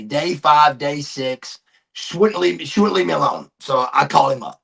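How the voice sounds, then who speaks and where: A man's voice: on the high side, fairly even intonation, unhurried, creaky, fairly bright tone. A man, a podcast guest animatedly telling a personal story and calling people brother. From Georgia, USA.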